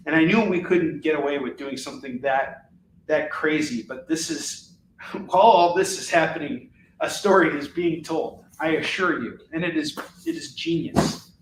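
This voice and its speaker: A man's voice: on the high side, a little hiss or hum. Chatty middle-aged man selling comics live. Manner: chatty, joking, off-the-cuff. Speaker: host and comic book seller. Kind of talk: live shopping stream chat. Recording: roomy echo, a little far from the mic.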